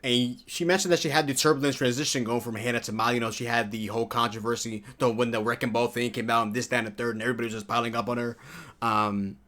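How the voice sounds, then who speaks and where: A man in his early twenties giving a casual, excitable video review, full of slang and sudden high-pitched exclamations. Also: quick pace. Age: early 20s. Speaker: TV show reviewer.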